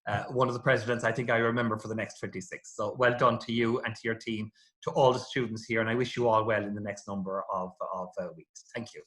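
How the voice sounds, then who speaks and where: A man's voice: lowish voice, steady tone, fast, fairly bright tone, rough recording. A middle-aged man offering formal congratulations.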